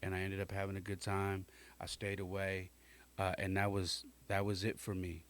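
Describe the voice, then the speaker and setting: A man's voice: low-pitched, completely flat delivery, moderate pace. A male podcast host casually telling a personal story in slangy, conversational talk and acting out the people he quotes.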